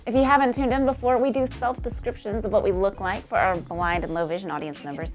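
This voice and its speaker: A woman's voice: mid-range voice, fairly even intonation, fast talker. A woman in her thirties from Nashville hosting a music news show, reading her script with breezy, slangy asides. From Nashville, USA. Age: 30s.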